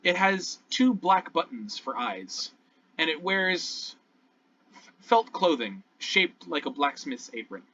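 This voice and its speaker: A man's voice: on the high side, very animated, slow, bright, forceful tone. A man narrating scenes as game master of an online tabletop game, describing things at length with fillers and restarts. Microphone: online voice call. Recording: distant, dull lo-fi call audio.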